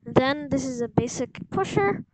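A woman's voice: sits high, animated, measured pace. A woman hosting a casual gameplay walkthrough, rambling and unsure of herself, with lots of fillers. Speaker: game guide host. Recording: loud background noise with clicks.

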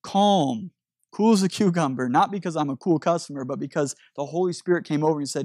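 A man's voice: on the high side, brisk, darkish tone, dry recording, clean studio sound. A man preaching a sermon as a pastor, telling a story animatedly with frequent restarts.

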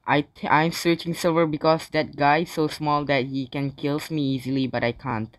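A man giving live gaming commentary in non-native English, bursting into yells and swearing between calmer remarks. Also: a little high, moderate pace, dry recording. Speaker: gaming channel host.

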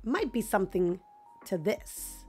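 A smooth-talking male fox art dealer from a life-sim game, read out by a woman. He has a quick salesman's patter and a fairly middling pitch. Soft game music plays faintly underneath. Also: sing-song. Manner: fast-talking sales pitch, reading game dialogue aloud.

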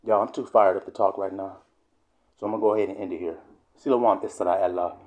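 A man preaching a fiery, profane sermon, swearing often and sometimes shouting. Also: low voice, steady tone, quick pace.

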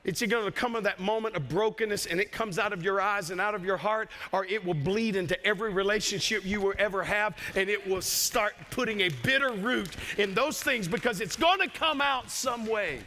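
A man's voice: high voice, brisk, hardly any pauses, bright, forceful tone, big-room sound. A man preaching a sermon as pastor, emphatic and repeating key phrases. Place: church sanctuary.

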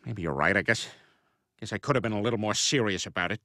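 Goofy dim cartoon dad, bright and bouncy. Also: male voice, lowish voice, fast talker, dry recording, studio quality. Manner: goofy, rambling jokes. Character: dim, boastful middle-aged family man.

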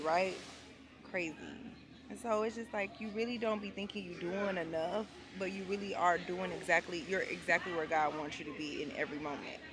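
A woman vlogging on a beach, talking casually to her viewers, loud and excitable, then tearful and grateful. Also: mid-range voice, background noise. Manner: loud, excited, emotional, Southern US slang. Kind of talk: casual vlog talk to camera. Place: outdoors on a beach.

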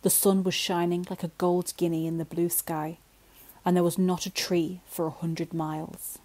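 A woman telling a bedtime story in a gentle, slow way that sometimes drops to a whisper. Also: lowish voice, low-quality recording.

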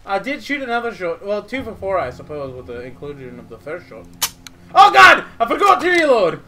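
A woman playing a multiplayer game in a put-on British accent, narrating her own moves and breaking into panicked shouts. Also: medium pitch, sing-song, quick pace. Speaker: gamer.

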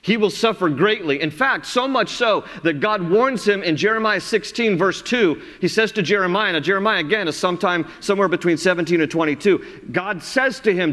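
A man's voice: high-pitched, fairly quick, hardly any pauses, fairly bright tone. A male pastor, preaching a sermon in a conversational, earnest way that builds into impassioned emphasis. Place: large church sanctuary. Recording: long hall reverb from sanctuary.

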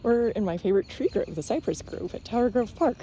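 A woman's voice: fairly high pitch, animated, fairly quick, mellow, slight background noise. Woman cooing baby talk at her bird. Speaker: vlogger and bird owner. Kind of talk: casual chat to her pet. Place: outdoor park.

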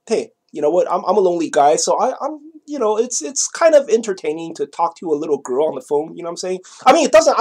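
A man telling a personal story in a casual monologue, rambling and repeating himself, with many "you know" asides. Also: high-pitched. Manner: swings between loud bursts and quiet asides.

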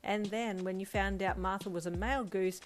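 A woman voicing a calm, dry uncle who speaks in a flat, deadpan way in a fan story reading. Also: fairly low pitch, moderate pace, a little hiss or hum, natural voice. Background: faint lo-fi drum music.

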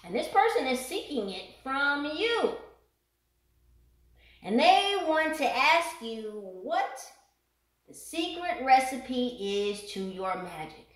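A chatty woman doing a casual tarot reading, joking, swearing and laughing as she goes. Her voice sits a little high for a woman. The room around her is noticeably echoey. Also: sing-song, takes it slowly. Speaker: tarot reader.

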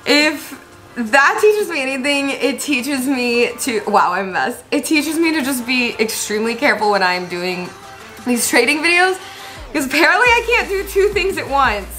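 A young woman hosting a casual gameplay commentary, gushing and excitable and laughing often. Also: high-pitched, normal speed, soft background music. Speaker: gaming channel host.

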